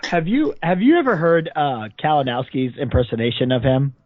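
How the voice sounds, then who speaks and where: A man from New Jersey, co-hosting a podcast in casual chat, expressive and often exasperated. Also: on the high side, normal speed, no room sound. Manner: expressive, exasperated reactions, frequent restarts. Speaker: podcast co-host. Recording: dry, dull podcast audio.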